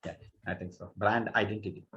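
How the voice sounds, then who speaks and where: A man's voice: lowish voice, steady tone, brisk, sharp tone, muffled recording. A man from India co-hosting a casual podcast, hesitant and often restarting his sentences. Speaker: podcast co-host.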